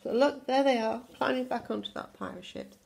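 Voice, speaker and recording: A woman teacher reading a picture book aloud to young children, with slow hushed asides about the pictures. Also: high voice, creaky. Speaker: infant school teacher.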